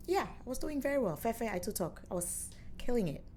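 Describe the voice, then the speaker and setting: Animated Nigerian woman telling a story. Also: on the high side, a little fast, slight background noise. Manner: animated, playful storyteller who acts out quotes. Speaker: musician and former radio presenter, interview guest. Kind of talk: casual storytelling interview.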